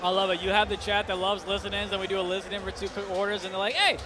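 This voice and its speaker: A man's voice: high-pitched, completely flat delivery, racing, a crowd in the background. A man giving esports color commentary, chatty in his analysis and teasing in banter. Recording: game sounds and noise behind.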